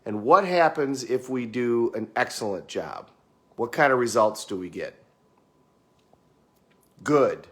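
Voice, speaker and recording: Speaking in a mid-range voice with a slightly bright tone, this middle-aged man delivers a chatty motivational talk. He tends to say words twice and performs the lines of the clients he quotes.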